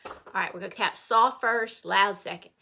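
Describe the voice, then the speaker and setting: A middle-aged woman teaching an online music lesson to children, playful and animated, cheering the class on. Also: medium pitch, normal speed, creaky, slight background noise.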